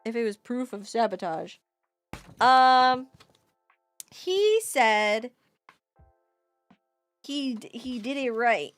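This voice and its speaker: A woman streamer giving live game commentary, excitable, swinging from muttering to shouting and swearing freely. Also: on the high side, extremely slow, pauses often, soft background music.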